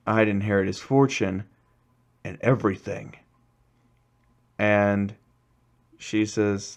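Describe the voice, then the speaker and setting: A man's voice: lowish voice, steady tone, measured pace, long pauses. A man casually narrating a fan story, rambling with many fillers and barely changing his voice for the characters.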